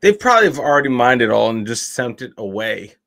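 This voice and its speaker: A laid-back man of middle pitch tosses out amused remarks in a casual chat. He talks easily, keeping it relaxed. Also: quick pace, creaky. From United States. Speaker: reaction video co-host.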